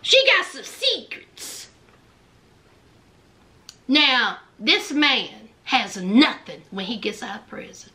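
A woman's voice: a little high, big pitch swings, slow, long pauses, pushed and bright. A woman giving a sassy, gossipy casual recap of a reality show, calling listeners "child" and "honey".

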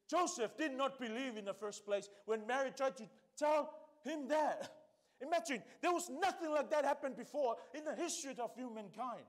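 Man, Samoan accent, pastor, church sermon, high voice, emphatic rhetorical questions.

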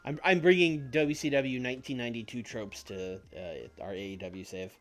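A man's voice: medium pitch, normal speed. A man streaming and chatting casually while booking shows in a wrestling game, joking and laughing often. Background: soft background music.

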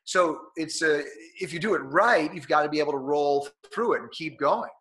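A man appears as a guest in a conversational interview, coaching listeners on how to perform. His fairly high, bright, forceful voice carries a slight nasal edge from being sick, and he speaks at a moderate pace with lively energy, often acting out what others say.

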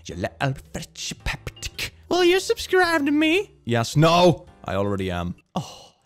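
A man's voice: on the high side, wildly swooping pitch, measured pace, faint music behind. A young man reading posts aloud and reacting with sarcastic comments, laughing often. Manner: sarcastic, laughs often, puts on silly voices. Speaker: reaction video host.

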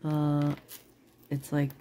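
A woman's voice: low-pitched, monotone, very slow, dark tone. A middle-aged woman selling jewelry online in casual, rambling chat, laughing often and apologizing after she curses. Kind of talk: casual live-sale chat.

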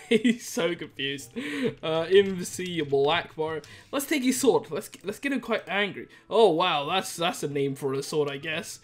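A male YouTuber giving excitable gameplay commentary, giggling and laughing often. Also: on the high side, a little slow.

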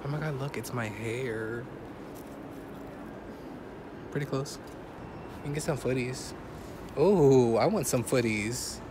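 A young man vlogging casually while shopping with a friend, animated and joking, laughing often, filmed on a handheld phone camera. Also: mid-range voice, slow, long pauses. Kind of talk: casual vlog chat. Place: shopping store. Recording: noisy store ambience, traffic.

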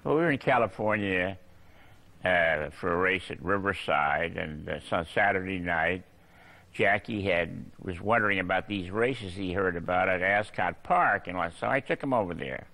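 Older man with a gravelly bright voice. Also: low voice, normal speed. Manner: anecdotal, chuckling, hesitant with fillers. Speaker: racing journalist guest. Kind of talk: storytelling in a TV interview.

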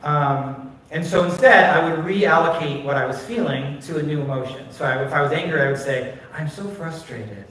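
A male pastor preaches a personal storytelling sermon in a church sanctuary, heard far off through a phone recording made from a distance in a very echoey space. His voice is a little high, a bit bright, and slightly fast, and he speaks candidly and conversationally with many "like" fillers.

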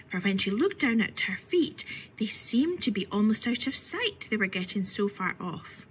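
A woman reading a children's story aloud in an expressive way, often softening to a whisper. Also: medium pitch, normal speed, breathy edge, low-quality recording. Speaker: reader.

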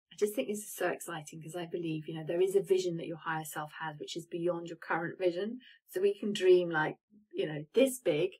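A woman leads a live-streamed coaching talk, guiding gently and pausing to let listeners reflect. Her voice sits a little low, with an airy, breathy texture. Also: poor audio. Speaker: manifestation coach.

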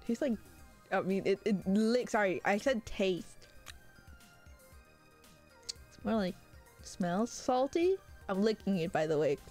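A woman streaming live who chats casually with her viewers, animated and prone to high squealing outbursts and laughter. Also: slow, long pauses, faint music behind.

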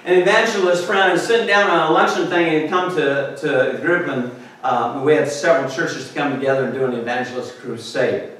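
An older male pastor preaching a sermon, an animated storyteller who laughs and acts out voices. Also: on the high side, fairly quick. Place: church sanctuary. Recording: echoey church recording from far off.

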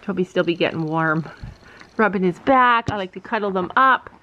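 A middle-aged woman chatting casually in a vlog, mother and horse owner, switching to a high baby voice for her pets. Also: expressive, normal speed, pushed and bright, lo-fi sound, slight background noise. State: out of breath.

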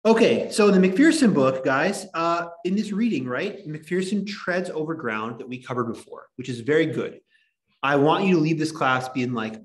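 A man's voice: a little high, animated, brisk. Rambling male teacher in an echoey classroom. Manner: rambling, digressive, many filler likes. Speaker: history teacher. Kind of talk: classroom lecture.

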